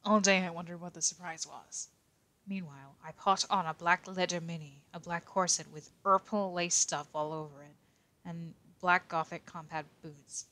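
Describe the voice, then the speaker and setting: A woman's voice: lowish voice, fairly even intonation, moderate pace, pushed and bright, dry recording. A woman voicing a shy teenage boy detective, reading a fan story aloud on a livestream with stumbles, restarts and weary asides. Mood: reluctant reading. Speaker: voice actor on a livestream.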